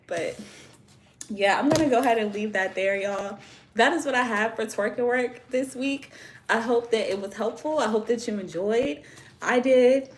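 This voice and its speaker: A woman's voice: medium pitch, normal speed. A young woman from Virginia hosting a tarot live stream, chatting in a loose, slangy, profane way. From Virginia, USA. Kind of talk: casual live-stream chat.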